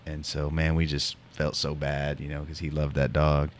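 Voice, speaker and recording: A man's voice: rumbling low, monotone, moderate pace. A man co-hosting a podcast, casually telling a story with many fillers and restarts. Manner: rambling, lots of fillers and restarts. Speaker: podcast co-host.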